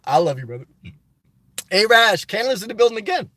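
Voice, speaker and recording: A man's voice: high voice, very animated, brisk, sharp tone. A middle-aged man hosting a live stream, reading viewer comments aloud and answering them in passionate, ranting casual talk. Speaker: livestream host. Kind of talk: casual live-chat reply.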